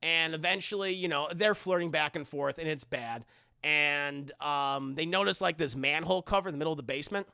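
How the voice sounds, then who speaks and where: Crude, rambling man with a gravelly voice. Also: fairly high pitch, brisk, bright, forceful tone, dry recording, studio quality. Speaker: streamer. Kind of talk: casual movie recap to chat.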